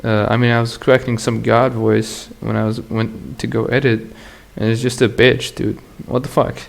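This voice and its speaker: Speaking flatly at normal speed, a man with a creaky mid-range voice hosts his podcast alone. The monologue is casual, crude, slangy, and rambling, and he laughs a lot.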